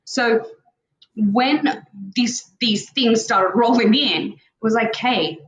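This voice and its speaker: A woman's voice: fairly high pitch, takes it slowly, reverberant, rough recording. A woman co-hosting a casual spiritual talk show, talking earnestly and rambling as she acts out her inner dialogue. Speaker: co-host.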